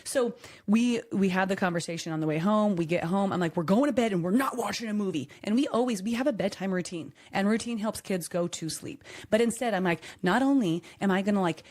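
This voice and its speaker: Animated mom telling a story. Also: female voice, medium pitch, a little fast. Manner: animated storyteller acting out voices. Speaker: podcast co-host. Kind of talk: casual chat.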